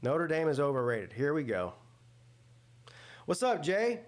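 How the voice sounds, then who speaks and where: A man's voice: on the high side, very animated, measured pace. Rambling casual male stream host. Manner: rambling, thinks aloud with many fillers and restarts. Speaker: sports watch-party host. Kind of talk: casual live-stream commentary.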